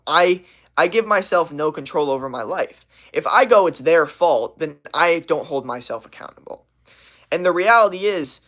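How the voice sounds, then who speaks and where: A man's voice: mid-range voice, pushed and bright. A young man hosting a livestream as a health coach, ranting casually in a rambling, profane way, full of filler words and restarts.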